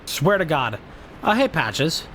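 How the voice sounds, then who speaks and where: A man streams a video game and rants at the enemies in his way, cursing constantly and sounding fed up. His pitch sits a little high and swings widely as he vents. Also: very animated, slow pace, bright, forceful tone, slight background noise. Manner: profane, exasperated, ranting at enemies. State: frustrated. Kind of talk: live gameplay commentary.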